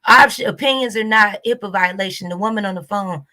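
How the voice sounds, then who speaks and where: A woman's voice: medium pitch, a little fast, bright, forceful tone. A woman YouTube host with a Southern US accent, ranting bluntly and profanely to her viewers. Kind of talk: casual reaction rant to camera.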